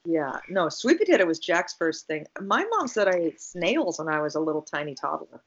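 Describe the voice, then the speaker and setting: A woman's voice: sits low, very animated, moderate pace, breathy edge. A woman co-host chatting casually with a friend. She tells rambling stories and laughs easily. The sound is slightly dull and lo-fi. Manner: rambling storyteller, laughs a lot. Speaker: podcast co-host. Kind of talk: casual chat.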